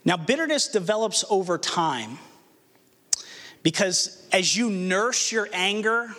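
Male pastor, high voice, earnest sermon delivery, reverberant room. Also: lively intonation, bright, forceful tone. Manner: earnest preaching with rhetorical questions and dramatic slowdowns.

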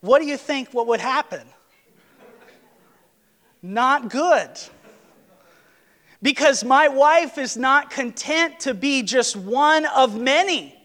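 A man's voice: very high voice, animated, slow, pauses often, pushed and bright, big-room sound. A man preaching a sermon in a church, earnest and emphatic, repeating his key words. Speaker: pastor. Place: church sanctuary, on a platform.

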